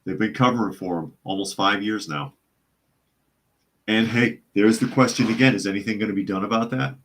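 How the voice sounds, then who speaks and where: Deep-voiced man doing sardonic news talk. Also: brisk. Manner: sardonic, reads news and chat comments aloud. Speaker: podcast host. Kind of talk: live news commentary podcast reading chat.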